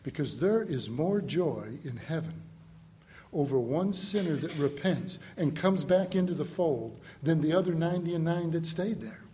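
A man, a preacher, voicing Jesus as a calm, earnest teacher explaining a parable in a sermon. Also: a little high, unhurried, lo-fi sound, slight background noise. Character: Jesus as gentle male storyteller teaching.

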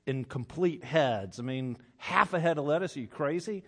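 A man voicing a rude, quick-tongued male grocery store clerk in a joke, sounding sarcastic and incredulous. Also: fairly high pitch, animated, a bit bright, slightly rough, heavily acted.

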